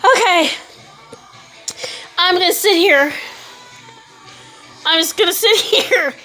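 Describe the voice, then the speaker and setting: A woman's voice: extremely high pitch, slow pace, bright, forceful tone, soft background music. A woman vlogger with the hiccups, laughing helplessly through her words in a casual monologue to camera. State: has the hiccups.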